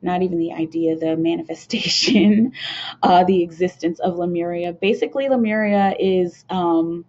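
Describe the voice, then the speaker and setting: Earnest rambling woman, low and mellow. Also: normal speed. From United States. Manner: earnest, rambling, with many fillers and restarts. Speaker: spiritual card reader hosting a channel. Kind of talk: casual spiritual talk to viewers. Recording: dull lo-fi home video sound.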